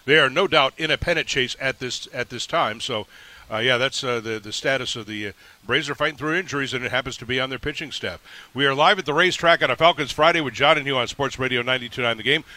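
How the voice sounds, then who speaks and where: A man hosts a live sports radio broadcast, talking at a brisk clip and steering the conversation. His tone is very bright and sharp-edged. He sounds upbeat and quick on his feet. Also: mid-range voice. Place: live remote broadcast at a racetrack. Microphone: broadcast microphone.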